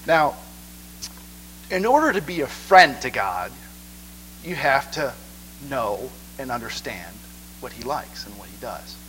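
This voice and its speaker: A man preaching a sermon in an animated way, often checking in with listeners. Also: mid-range voice, a little slow, long pauses, a little hiss or hum, low-quality recording. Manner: animated, asks the crowd 'okay?' a lot.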